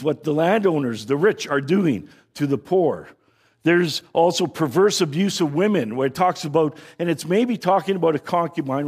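Husky man giving a casual lecture. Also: on the high side, darkish tone. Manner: conversational, checks in with listeners with "right?"; frequent restarts and repeated words. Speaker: Bible teacher.

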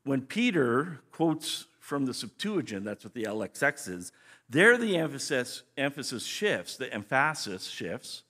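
A man's voice: medium pitch, very animated, a little slow, bright, forceful tone. Man teaching scripture conversationally. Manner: conversational, explanatory, frequent restarts. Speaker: pastor. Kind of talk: sermon teaching.

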